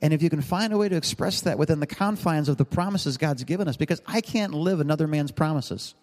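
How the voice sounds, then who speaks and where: A middle-aged male pastor preaching a sermon in a relaxed, joking, rambling way, with asides to the congregation. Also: fairly high pitch, fast talker. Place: large church hall. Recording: long hall reverb.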